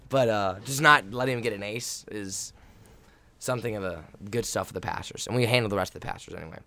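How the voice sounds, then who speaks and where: A young college volleyball player recounts a game in a casual, hyped way, laughing often and acting out his own yelling. His voice is fairly low and gravelly, and he talks quickly.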